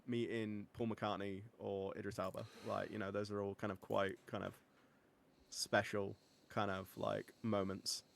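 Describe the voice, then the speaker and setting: A young man on a podcast, chatting excitedly and laughing easily as he tells stories. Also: medium pitch, creaky. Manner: excitable, quick to laugh, lively storytelling. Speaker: guest. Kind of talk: casual podcast chat.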